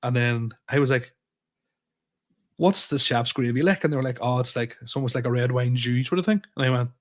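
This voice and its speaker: Animated man telling stories. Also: medium pitch, brisk. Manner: animated storyteller acting out both sides of dialogue, swearing. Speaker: podcast co-host, comedian. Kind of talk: casual chat.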